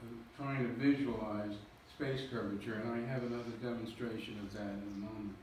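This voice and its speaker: A man's voice: medium pitch, steady tone, fairly quick, darkish tone, slight background noise. Echoey man lecturing from afar. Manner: jokey, self-deprecating, explains with slides. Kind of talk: public lecture. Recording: echoey hall recording from far off.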